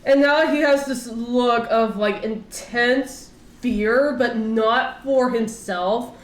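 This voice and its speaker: A woman's voice: on the high side, slow. A woman casually narrating her character's feelings, with many fillers. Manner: loose, uses many fillers. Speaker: tabletop player describing her character. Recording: echoey room with faint noise.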